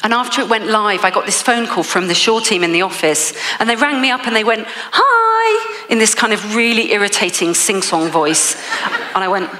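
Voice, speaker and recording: A woman's voice: medium pitch, a little fast, sharp tone, big-room sound. A woman with an English accent giving a motivational keynote speech, telling a story with frequent laughs. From England. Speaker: motivational speaker.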